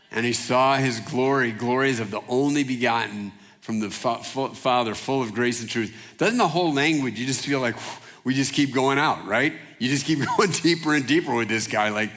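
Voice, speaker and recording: Male pastor, mid-pitched, casual animated preaching, long hall reverb. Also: normal speed. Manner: casual and animated, acts out quotes in voices. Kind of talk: sermon. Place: church hall.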